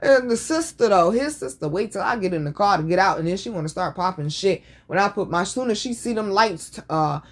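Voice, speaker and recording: A woman's voice: medium pitch, animated, fairly quick, hardly any pauses. A woman hosting a casual show, telling stories in a blunt, profane, sassy way. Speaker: podcast host. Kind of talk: casual storytelling chat.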